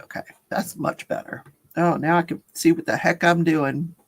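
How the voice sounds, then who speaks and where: A woman's voice: deep voice, steady tone, normal speed. A chatty, giggly woman hosting a casual livestream, reading out viewer comments and reacting to them. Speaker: livestream host. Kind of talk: casual live-stream chat.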